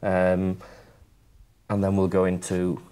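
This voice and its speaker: A man's voice: low-pitched, completely flat delivery, slow pace, warm tone. A man, a primary school teacher talking to his class and a colleague in a chatty, self-deprecating way. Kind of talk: classroom talk and staff chat.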